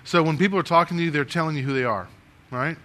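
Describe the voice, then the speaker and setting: A man leading a networking workshop before a live room, animated and restless, often asking the audience questions and moving as he talks. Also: fairly high pitch, quick pace. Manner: animated, talks with his hands and moves around; asks the room many questions. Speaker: speaker giving a networking workshop.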